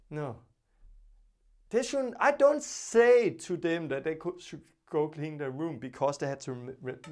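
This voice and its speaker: A man teaching a Bible lesson in earnest, repetitive English, often restarting and acting out quoted speakers. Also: high-pitched. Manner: non-native English with frequent restarts.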